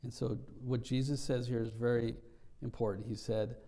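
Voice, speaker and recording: A man preaching a sermon in a gravelly, mellow voice. He teaches in an earnest, reflective way, pausing and restarting as he works through scripture. His pitch sits in an ordinary middle range. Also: little pitch movement. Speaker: pastor.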